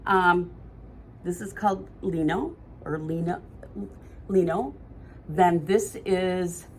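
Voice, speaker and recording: A woman with a lowish voice co-hosts a podcast, with a little hiss or hum in the audio. Her chat is casual and chatty, rambling along and correcting herself as she goes.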